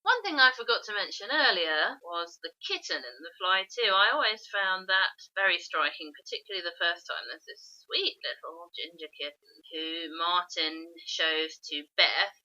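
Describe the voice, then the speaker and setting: Woman, podcast co-host, very bright tense voice, chatty, dull lo-fi audio. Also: lowish voice, lively intonation, moderate pace. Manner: chatty, acts out lines from scenes in funny voices. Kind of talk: casual film discussion.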